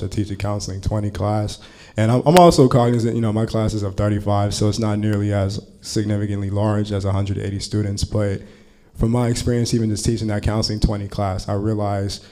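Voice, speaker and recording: Man with a mellow voice, telling a story. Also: lowish voice. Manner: casual, heavy use of filler "like". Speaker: college counseling instructor. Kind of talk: storytelling at a panel talk.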